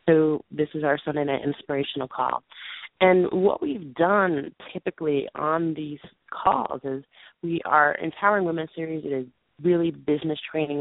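A hoarse woman in her late twenties, losing her voice as she co-hosts a call-in show. She talks in an earnest, rambling way, clearing her throat and restarting sentences. The sound is a thin, tinny phone line with no room around it. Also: low-pitched, dry recording. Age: 20s. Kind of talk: casual show announcement.

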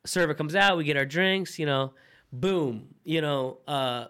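A young man co-hosting a podcast, telling stories in a loud, animated way, swearing and using lots of fillers. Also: a little high, unhurried, clear, resonant tone. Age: young adult. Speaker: podcast co-host. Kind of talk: casual chat.

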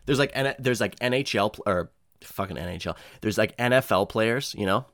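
A young man hosting a casual solo chat, rambling and swearing, slipping into high mocking voices. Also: a little fast, a bit bright, dry recording, clean studio sound. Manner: rambling, profane, mocks others in high put-on voices. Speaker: podcast host.

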